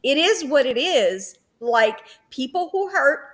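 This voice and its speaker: A woman reacting in a casual livestream chat, reflecting out loud in drawn-out remarks. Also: high voice, lively intonation.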